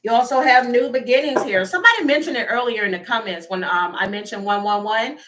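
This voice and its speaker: Chatty higher-voiced woman tarot reader. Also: fast, fairly bright tone, low-quality recording. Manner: chatty, laughing, talks straight to viewers. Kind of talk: casual live tarot reading.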